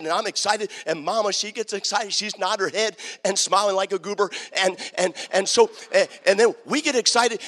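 A man preaching a sermon as pastor, swinging from quiet talk to shouted preaching. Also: high voice, big-room sound. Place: church sanctuary.

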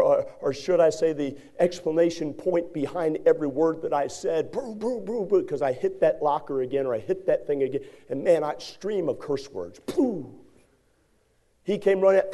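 Brief: male preacher with a high voice, folksy and animated as he tells a story from the pulpit. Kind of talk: sermon with a personal story.

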